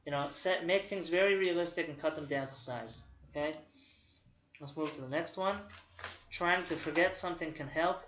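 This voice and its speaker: Guy therapist doing a lecture, keeps saying okay?, kinda bright voice, roomy dull recording. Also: a little high, normal speed, slight background noise. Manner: checks in with "okay?" after nearly every point; informal and conversational, with personal examples. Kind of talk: recovery lecture with slides.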